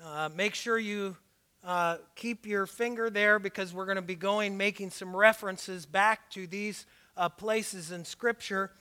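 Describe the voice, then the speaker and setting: A man with a strikingly high, bright voice preaches slowly and deliberately from the pulpit. His delivery leans on emphasis and occasional shouts, and his words carry a slight lisp. He drops into easy, joking asides between points. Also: fairly even intonation, smooth. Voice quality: slight lisp from dental aligners. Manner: breaks into laughter and asides. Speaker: pastor. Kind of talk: sermon. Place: church sanctuary, also live-streamed.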